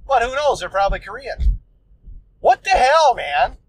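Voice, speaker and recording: A man's voice: very high-pitched, very animated, moderate pace, rough recording. A man hosting a solo podcast, telling a story in a loose, profane, ranting way. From United States. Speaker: podcast host.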